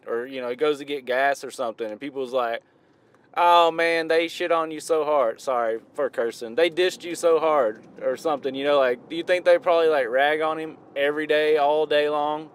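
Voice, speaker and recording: This Southern US man drawls through a loose, self-correcting ramble while reviewing hip-hop outside. The recording has no room sound, and his voice is fairly high-pitched, clear, and resonant.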